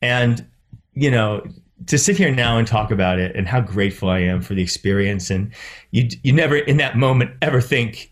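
Male actor-producer guest, animated storyteller, mid-range voice, frequent restarts. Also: mid-range voice, moderate pace. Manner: animated, repeats words when starting. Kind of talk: casual interview storytelling.

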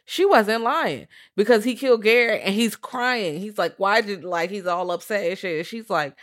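A woman with a Southern US accent co-hosting a casual movie review podcast, telling the plot in an animated, profane way and acting out characters' lines. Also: mid-range voice, normal speed. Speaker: podcast co-host.

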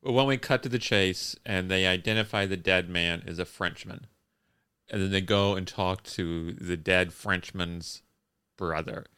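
A man's voice: sits low, measured pace, bright, forceful tone, smooth. A man co-hosting a podcast, recapping a movie plot in casual chat with a dry manner. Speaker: podcast co-host.

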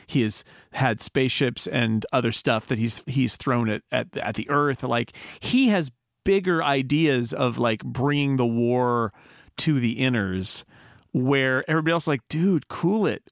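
A man hosts a casual podcast chat with eager, restless energy. His voice has a gravelly, crackly edge. The sound is dry and close, with no room around it. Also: mid-range voice, unhurried, no echo. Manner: enthusiastic, lots of fillers and restarts. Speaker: podcast host.

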